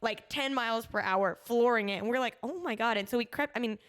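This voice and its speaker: Fast-talking woman podcaster. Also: a little high, smooth. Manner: animated storytelling with frequent laughter. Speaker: podcast co-host. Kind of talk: casual chat.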